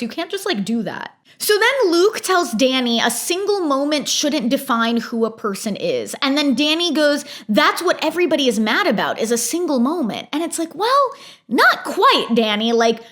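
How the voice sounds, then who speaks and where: Young woman doing a casual reality tv recap, fired up and opinionated, slightly high voice. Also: a bit bright. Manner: chatty and opinionated, acts out quotes.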